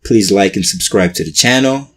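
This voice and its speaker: A man teaching everyday classroom phrases in a relaxed, patient way, as a language lesson host. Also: on the low side, moderate pace. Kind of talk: explaining vocabulary for a language lesson.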